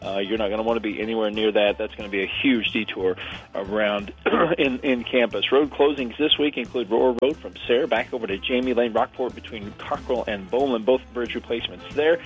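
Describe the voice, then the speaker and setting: A man from as a regular radio guest, friendly and quick to laugh. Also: mid-range voice, muffled recording. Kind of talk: casual radio chat.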